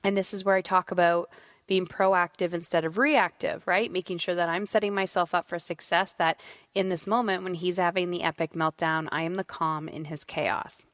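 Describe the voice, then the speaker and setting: A woman in her thirties hosting a podcast, telling a story in a candid, animated way and swearing freely. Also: lowish voice, moderate pace, no echo, clean studio sound. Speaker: podcast host. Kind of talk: casual solo monologue.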